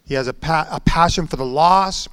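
A man talks as host at a church meeting, casual and full of restarts. His voice sits a little high and sounds dry and close. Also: moderate pace, a bit bright, clean tone, no room sound. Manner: chatty, with many restarts. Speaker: pastor hosting.

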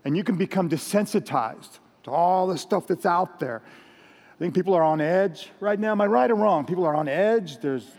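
A man preaching at an evening church service, talking loudly and telling jokes in a chatty, laughing way. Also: high voice, lively intonation, normal speed, big-room sound. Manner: loud, chatty, laughing storyteller. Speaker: pastor. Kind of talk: sermon with jokes.

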